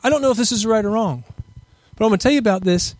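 A man's voice: high-pitched, very fast, a little mellow, no echo. A middle-aged man preaching a fervent sermon and leading prayer, rising to impassioned peaks and using Hebrew terms.

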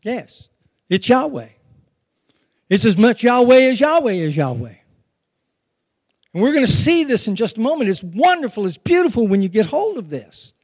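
A man's voice: extremely high pitch, sing-song, normal speed, pauses often, a little mellow, slightly rough. A man preaching a sermon, calling on the congregation to repeat words back and dramatically retelling scenes. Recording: long hall reverb.

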